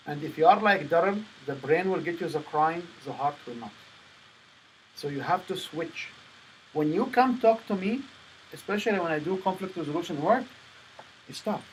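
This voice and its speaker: A man's voice: fairly high pitch, slight background noise, low-quality recording. A man coaching a sales presentation workshop, firm and emphatic as he lectures.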